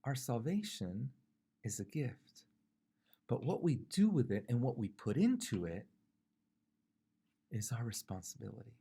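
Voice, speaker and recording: A man's voice: mid-range voice, big pitch swings, a little slow, gravelly, pauses often, warm tone, breathy edge. A male pastor from California giving a short devotional sermon, conversational and thinking aloud with fillers and rhetorical questions.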